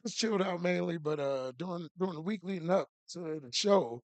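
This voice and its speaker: A man co-hosting a podcast in relaxed casual chat, slangy and full of shout-outs. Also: high voice, a little fast, no room sound. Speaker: podcast co-host.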